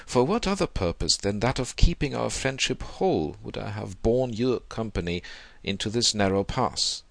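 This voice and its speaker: Male reader doing a wounded, proud young gentleman, deep and formal, dry sound. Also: vocal fry, dry recording, exaggerated voice. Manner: stiff, wounded, formal speech. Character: proud, bitter young man in anguish.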